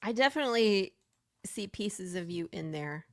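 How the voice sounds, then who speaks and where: A woman hosting a live chat show, bubbly and quick to laugh, reading viewer comments as she goes. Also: medium pitch, expressive. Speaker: host. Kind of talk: casual live-stream chat.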